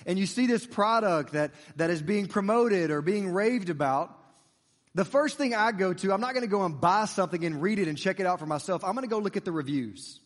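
High-voiced preacher in a reverberant hall. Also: male voice, brisk. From United States. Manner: conversational and lively, with playful asides to the congregation. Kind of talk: sermon.

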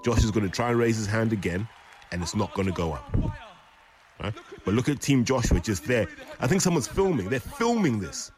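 A man's voice: on the low side, expressive, fairly quick, a little mellow, soft background music. A man giving blunt, scornful commentary over boxing footage. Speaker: boxing analyst.

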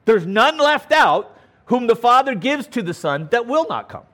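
A man's voice: very high-pitched, big pitch swings, normal speed, a bit bright. A man preaching a verse-by-verse Bible teaching sermon, stressing key words and often checking in with "okay?". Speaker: pastor.

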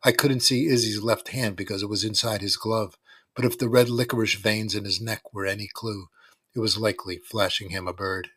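A man with a low voice reads a first-person story aloud, wry and dry in how he tells it. The sound is close and dead, with no room around it. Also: fairly even intonation, brisk, sharp tone, slightly rough, no echo. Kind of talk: scripted first-person narration.

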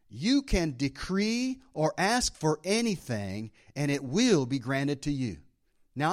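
A man preaching a sermon as pastor to a church congregation, emphatic, dropping in amens and calls of praise. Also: on the high side.

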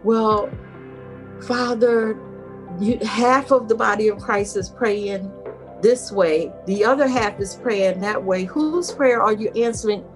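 A woman's voice: mid-range voice, slow, soft background music. A woman giving spiritual advice in an emphatic preaching manner, quoting scripture from memory and repeating her key words. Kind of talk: faith talk, preaching.

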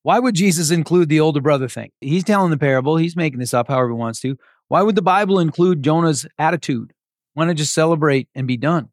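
Earnest pastor preaching conversationally. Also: male voice, fairly high pitch, fast talker, dry recording, clean studio sound. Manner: conversational and earnest, with casual asides. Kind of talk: sermon.

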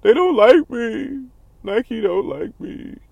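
A man putting on the voice of a whiny, self-pitying young man, high and whining. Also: animated, slow pace, creaky, darkish tone, dry recording, muffled recording, exaggerated voice.

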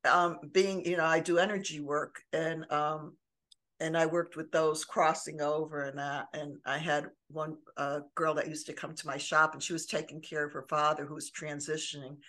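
In casual conversation on a podcast she co-hosts, an older woman recounts personal stories earnestly, frequently starting over. Her low voice has a fairly bright tone and little pitch movement, at normal speed.

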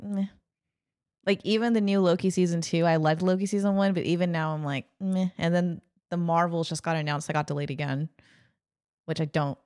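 A woman's voice: lowish voice, darkish tone. A woman co-hosting a casual podcast, chatting in an offhand way with frequent giggles. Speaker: podcast co-host. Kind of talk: casual chat.

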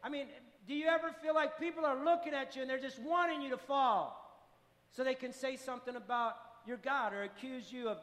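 A man's voice: extremely high pitch, fairly even intonation, brisk, a bit bright. A pastor delivering an impassioned sermon, driving his points home with repeated declarations. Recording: long hall reverb, faint music.

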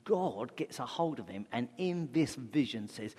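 A man's voice: medium pitch, lively intonation, normal speed, a little mellow, slightly rough. A man preaching a sermon as pastor, conversational, asking rhetorical questions. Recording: long hall reverb.

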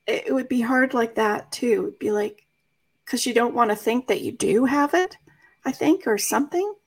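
Woman interviewer, somewhat high and breathy, casual and hesitant. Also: normal speed. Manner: thinks aloud, hesitant restarts.

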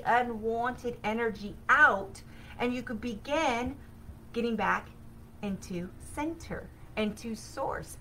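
A woman hosting a spiritual self-help podcast, telling a personal story in an animated, excitable way with sudden bursts of energy. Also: a little high, a little hiss or hum, low-quality recording. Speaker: podcast host.

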